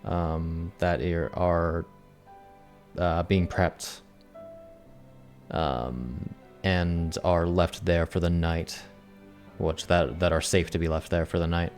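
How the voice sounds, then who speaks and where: A man narrating as game master of a tabletop game, halting with many fillers, over faint music. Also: low-pitched, fairly even intonation, a little mellow.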